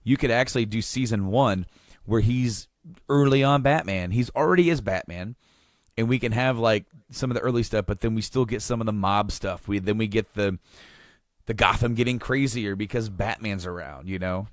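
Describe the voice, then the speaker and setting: A man's voice: fairly low pitch, normal speed, no echo, clean studio sound. A man hosting a podcast, recapping with rambling, enthusiastic casual chat and many restarts. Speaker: podcast host.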